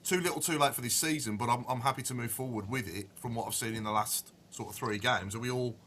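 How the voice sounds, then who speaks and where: A man's voice: medium pitch, fast, a bit bright, slight background noise. A man hosting a podcast, leading a casual football chat with lots of "yeah" and "um" fillers. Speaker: podcast host.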